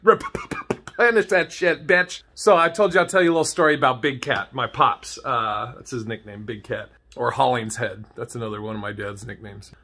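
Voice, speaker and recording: A man's voice: medium pitch, a little fast, few pauses, pushed and bright, a little hiss or hum. A young man telling a story in a laid-back, profane and jokey way as a vlogger. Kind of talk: casual storytelling to camera.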